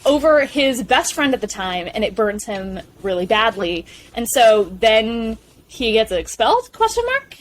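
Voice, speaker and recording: A young woman co-hosting a podcast, eagerly retelling film scenes in a gushing, animated way. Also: on the high side, measured pace. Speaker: podcast co-host. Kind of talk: casual film discussion chat.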